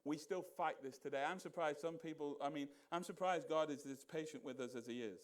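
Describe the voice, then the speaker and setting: A man with a notably high voice preaching a conversational sermon in a church. He keeps putting questions to the congregation and drops into a low mutter when he quotes people. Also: brisk. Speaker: pastor. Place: church sanctuary.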